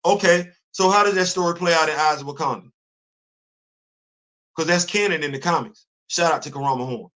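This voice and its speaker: Animated high-voiced male stream host. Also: fairly quick. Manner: animated, rhetorical questioning, repeats himself. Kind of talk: live stream commentary.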